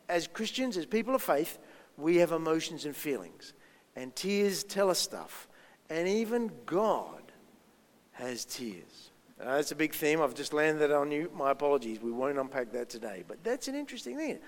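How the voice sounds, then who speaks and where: A man's voice: fairly high pitch, in a large hall. A man leading a church service as pastor, giving a chatty children's talk, asking the children questions and poking fun at himself. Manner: chatty, self-deprecating, asks the children questions.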